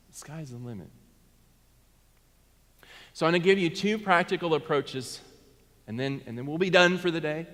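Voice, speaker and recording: A man with a higher, fairly bright voice delivers a sermon from the pulpit of an echoing sanctuary. He keeps it interactive, speaking straight to the congregation and calling for replies.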